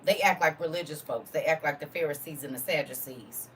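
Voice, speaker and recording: A woman's voice: sits low, a little fast, a bit bright, recorded from a distance. A woman preaching to a congregation in a fervent, informal way, full of rhetorical questions and casual vernacular.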